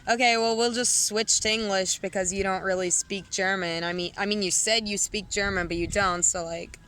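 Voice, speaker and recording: A man's voice: high-pitched, steady tone, moderate pace, pushed and bright, clear, resonant tone. A woman voicing a blunt local man at a bar who talks to her in a condescending way. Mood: dismissive. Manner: curt, condescending.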